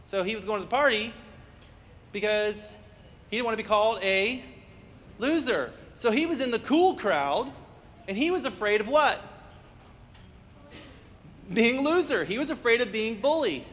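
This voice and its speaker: High-voiced man leading a parenting talk. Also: animated, normal speed, long pauses, fairly bright tone. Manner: storytelling, acts out quoted voices, asks the audience questions. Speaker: counselor giving a parenting workshop. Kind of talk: interactive talk to an audience. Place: meeting room or hall with a live audience. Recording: long reverb in a hall, faint room noise.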